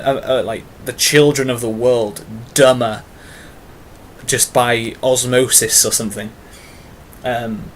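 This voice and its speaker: A British man records a tag video, speaking casually to camera in a rambling, filler-laden way with self-mocking asides. His voice is mid-range, and a little hiss or hum can be heard.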